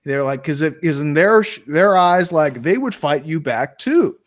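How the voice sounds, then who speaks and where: A man from Chicago co-hosting a casual webinar chat, telling stories in a rambling, profane, animated way. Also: on the high side, moderate pace. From Chicago, USA. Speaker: co-host.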